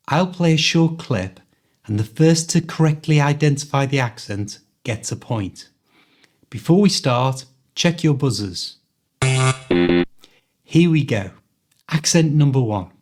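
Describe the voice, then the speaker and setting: A man with a mild Liverpool Scouse accent hosting an accent quiz, upbeat, clear and instructive. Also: medium pitch, expressive, slow, pauses often, darkish tone. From Liverpool, England. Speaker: host and English coach.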